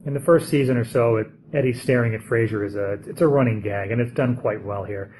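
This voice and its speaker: A man's voice: medium pitch, brisk, a little mellow, slight background noise, poor audio. A man talking casually about a TV episode, thinking aloud with fillers and restarts. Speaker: TV show reviewer. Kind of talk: casual spoken commentary.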